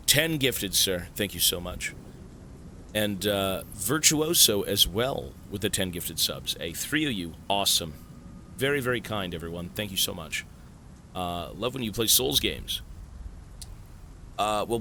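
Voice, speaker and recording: Bright, excitable, swearing male streamer. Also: lowish voice, slight background noise. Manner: excitable, swears a lot, stunned outbursts. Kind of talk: live stream chat, thanking subscribers.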